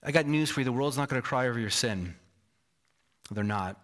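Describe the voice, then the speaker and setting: A man's voice: medium pitch, animated, a little fast, fairly bright tone. Male pastor mid-sermon; emphatic, asks the room questions, pokes fun at himself. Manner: self-deprecating asides.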